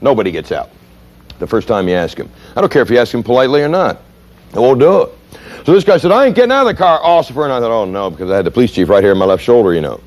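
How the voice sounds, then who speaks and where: A man's voice: fairly low pitch, rapid-fire. A middle-aged man giving a seminar lecture, telling stories and acting out voices and sounds to make his points. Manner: animated, dramatic storyteller, mimics voices and sounds. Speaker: seminar speaker. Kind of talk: lecture with acted examples.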